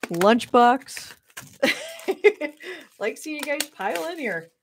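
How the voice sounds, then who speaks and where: Upbeat woman streamer, lively pitch, chatty and giggly with her viewers. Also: drawn-out words, a little hiss or hum. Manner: bubbly, greets chatters, frequent laughs. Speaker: streamer opening trading cards. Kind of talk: live stream chat.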